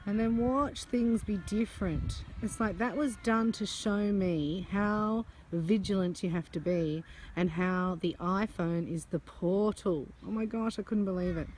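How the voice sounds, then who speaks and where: A woman and psychic channeler, telling a personal story in a chatty, animated way outdoors. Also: medium pitch, unhurried, few pauses, a little hiss or hum. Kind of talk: casual storytelling vlog. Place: outdoors among butterflies.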